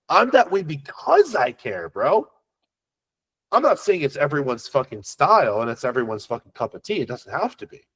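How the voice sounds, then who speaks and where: A man's voice: medium pitch, fairly bright tone, slightly rough. A man teaching as a sales coach in an unscripted masterclass, talking in a blunt, profane, conversational way that rambles, restarts often and keeps tagging on questions.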